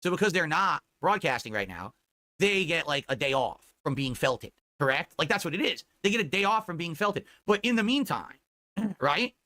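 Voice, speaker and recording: A man's voice: fairly high pitch, big pitch swings, normal speed, sharp tone. A man ranting on a stream, mocking and profane.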